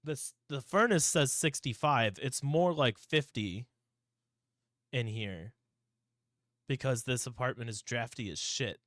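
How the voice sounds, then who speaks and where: A man's voice: mid-range voice, fairly bright tone, no echo. Young northern guy ribbing his cohost, swears constantly, dry close-up mic. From northern United States. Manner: teasing, profane and mocking. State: lingering cough. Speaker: podcast co-host. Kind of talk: casual podcast chat.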